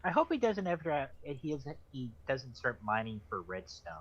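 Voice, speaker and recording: A man chiming in with rambling, halting jokes during a book club reading. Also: medium pitch, wildly swooping pitch. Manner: rambling, halting jokey asides. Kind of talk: casual joking commentary. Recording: dull lo-fi mic.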